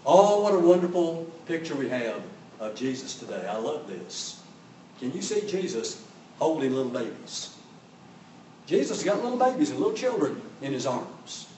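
A man's voice: fairly high pitch, sing-song, moderate pace, warm tone, echoey room, distant mic, a little hiss or hum, poor audio. An older man preaching a sermon with fervour, swelling and dropping his voice for emphasis.

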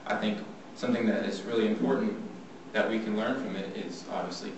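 A man giving a devotional Bible talk, plain and earnest, slowing down when he reads scripture. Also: on the low side, fairly even intonation. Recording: echoey room from far off, faint noise.

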